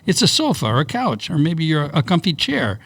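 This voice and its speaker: A man's voice: fairly high pitch, big pitch swings, a little fast, gravelly, fairly bright tone, husky. A middle-aged man co-hosting a casual podcast, reading out news items with laughs and stumbles.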